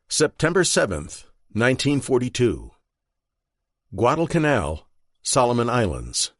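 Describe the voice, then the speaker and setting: A man reading a thriller audiobook in a measured, steady narration. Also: medium pitch, dry recording, studio quality. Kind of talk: scripted narration.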